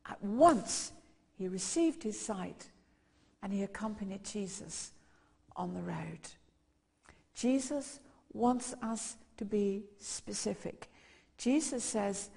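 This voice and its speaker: A woman's voice: mid-range voice, animated, slow pace, vocal fry, mellow, slightly rough. A woman preaching a sermon, telling a story and acting out its voices with growing intensity. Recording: long hall reverb.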